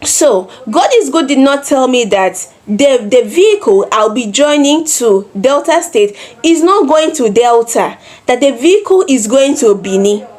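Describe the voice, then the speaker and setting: A Nigerian woman in her twenties telling a personal story in a vlog, animated, with repeated phrases and acted-out quotes. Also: sits high, a little slow, few pauses. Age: 20s. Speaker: vlogger.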